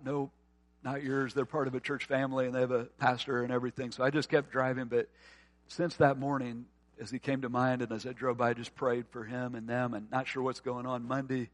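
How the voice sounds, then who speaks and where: A man preaching a sermon, earnest and often quiet and tender, then rising to forceful emphasis. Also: mid-range voice, no echo. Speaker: pastor.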